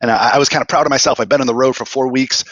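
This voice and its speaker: This is a Boston-accented man in his fifties, a podcast guest spinning animated, joking stories. He talks quickly and sits close to a dry mic. His voice is mid-pitched, with a lively, storytelling delivery. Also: no room sound, dull audio. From greater Boston, USA. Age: 50s. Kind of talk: casual interview chat.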